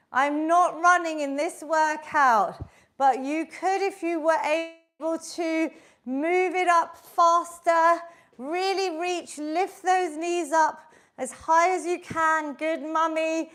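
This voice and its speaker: A woman leads a workout class in a high, bright-pitched voice, upbeat and encouraging as she counts down reps. She takes an unhurried, measured pace, with a slight breathlessness from moving along. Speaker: fitness instructor. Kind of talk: live online workout class instruction.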